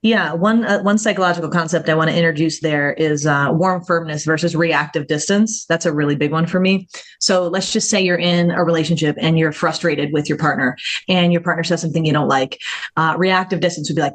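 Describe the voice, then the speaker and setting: A woman being interviewed as a therapist on a podcast, speaking lively, laughing often and acting out her own inner voice. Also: deep voice, brisk. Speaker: guest therapist and jiu-jitsu black belt.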